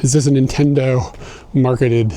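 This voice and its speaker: A man's voice: medium pitch, steady tone, moderate pace, mellow. A young man livestreaming as he walks through a snowy park outdoors, a bit out of breath, swearing and laughing as he rants casually to his chat. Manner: profane, laughing, ranting. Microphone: phone carried while walking. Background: faint outdoor ambience.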